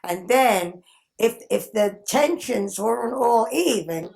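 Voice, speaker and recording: A woman in her nineties telling old work stories in an interview, lively and full of laughter. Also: a little high, slow, gravelly. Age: 90s. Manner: animated, acts out quoted people, frequent laughs. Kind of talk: reminiscing storytelling.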